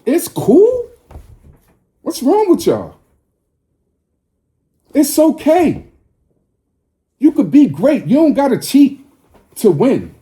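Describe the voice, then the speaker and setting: A man's voice: extremely high pitch, huge pitch swings, takes it slowly, pauses often, warm tone. A man in his forties delivering a confrontational, preachy monologue to his viewers, profane and scolding. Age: 40s. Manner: scolding, lecturing tone.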